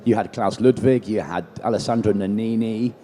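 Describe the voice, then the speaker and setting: A man's voice: lowish voice, normal speed, dark tone. A man interviewing a guest on a live stage, chatty, asking leading questions with tag endings.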